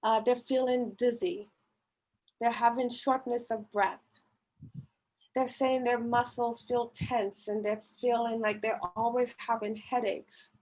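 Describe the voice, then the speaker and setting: A woman gives a church talk on caring for others, speaking slowly and earnestly. Her voice sits a little high and has a husky edge. She presses her points with emphatic pleading. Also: little pitch movement, darkish tone, poor audio. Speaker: women's ministry speaker. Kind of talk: church talk on mental health. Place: church service, online meeting.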